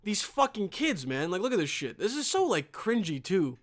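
A man hosting a reaction video, delivering a profane, exasperated comedic rant that keeps jumping into yelling. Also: high voice, big pitch swings, moderate pace. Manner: foul-mouthed, exasperated, swings into yelling.

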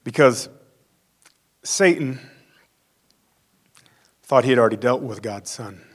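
A man's voice: mid-range voice, slow pace. Conversational male pastor preaching. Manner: conversational, acts out quotes. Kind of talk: sermon.

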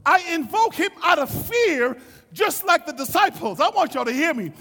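A male preacher with a strikingly high, gravelly voice and a bright, forceful edge. He swings from calm teaching to shouted, sing-song preaching and acts out the voices of scripture figures. The sound rings with the long echo of a large church hall. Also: normal speed. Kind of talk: sermon.

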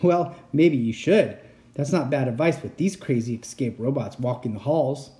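A man's voice: medium pitch, moderate pace, dark tone, natural voice. Man doing a jovial inventor uncle. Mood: reassuring. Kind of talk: storybook reading.

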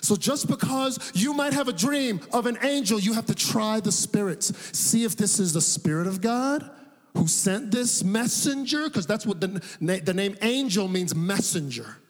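A male pastor preaching a sermon, telling a personal story with animated delivery and laughing at his own tale. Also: high voice, normal speed, long reverb tail. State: sweating.

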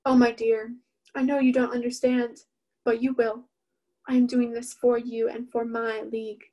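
A woman reading the part of a cruel ruling father who hands down death sentences with mock sorrow, in a flat, level voice. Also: fairly high pitch, moderate pace, highs cut off, natural voice. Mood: patronizing. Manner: solemn, mock-sorrowful pronouncement.

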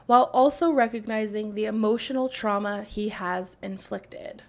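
A woman's voice: medium pitch, normal speed, few pauses. A young woman hosting a podcast, delivering an angry, sarcastic and profane monologue. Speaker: podcast host.

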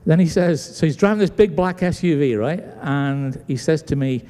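Preaching at a moderate pace with few pauses, a British pastor uses a slightly high voice to act out the people in his story, an animated storyteller at work. He is in a church sanctuary, and long hall reverb colors the recording.

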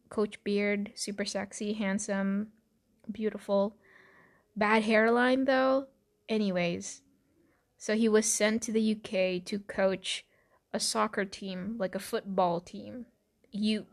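A woman hosting a casual chat, rambling and swearing freely, with laughs and restarts. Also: medium pitch. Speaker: podcast host.

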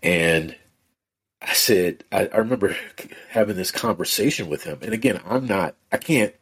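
Low husky-voiced man telling a story. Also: normal speed. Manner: relaxed, rambling storyteller with many fillers. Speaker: podcast guest. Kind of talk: casual conversational storytelling.

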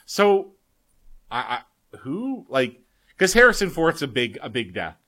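A man's voice: fairly high pitch, sing-song, measured pace, bright, forceful tone. A man co-hosting a casual podcast, rambling loosely and swearing casually. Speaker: podcast co-host.

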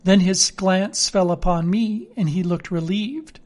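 A man reading a classic novel aloud as narrator, in measured storytelling. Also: high voice, darkish tone. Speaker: audiobook reader.

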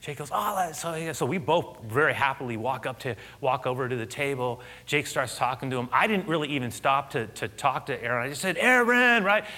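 A middle-aged male pastor with a bright, forward voice, preaching to his congregation. He tells stories in an animated way and then settles into steady teaching. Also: medium pitch, fairly quick, hardly any pauses. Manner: animated storyteller, laughing and loud at punchlines. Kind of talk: sermon with personal story.

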